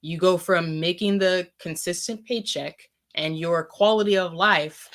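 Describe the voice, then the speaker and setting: Low-voiced woman musing on a podcast. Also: measured pace, a bit bright. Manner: thoughtful, searching, with fillers. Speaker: podcast speaker. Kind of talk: casual podcast conversation.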